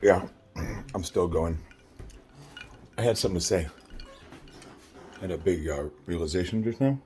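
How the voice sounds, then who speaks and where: Man, 30s, exhausted, rambling, swearing, lower-pitched, faint background hum. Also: normal speed, mellow. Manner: rambling, profane, tired, many fillers. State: very tired. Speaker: vlogger. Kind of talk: late-night confessional vlog.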